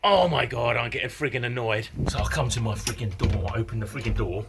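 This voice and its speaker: A man, telling a dramatic story in a casual vlog, animated and swearing often. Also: medium pitch, fairly quick, vocal fry, very noisy. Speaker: vlogger.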